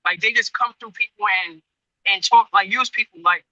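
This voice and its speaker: A man's voice: high-pitched, normal speed, bright, forceful tone, no echo, rough recording. A man who trains people at a gym, telling a long story in a casual, rambling way, often restarting and turning to his listeners with questions. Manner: rambling, frequent restarts, addresses listeners directly. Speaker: Muay Thai gym trainer.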